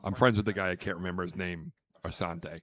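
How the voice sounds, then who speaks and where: A man's voice: deep voice, fairly even intonation, fast talker, fairly bright tone. A man hosting a podcast, telling rambling stories in casual chat. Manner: rambling storyteller, name-dropping, acts out quotes. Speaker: podcast host.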